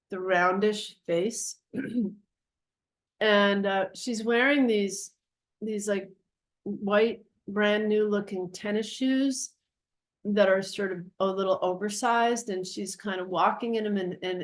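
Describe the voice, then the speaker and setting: Woman w a lowish voice telling her dream story, earnest, keeps restarting her sentences. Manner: earnest, reflective storytelling with frequent self-corrections. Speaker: guest. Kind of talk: recounting a personal dream.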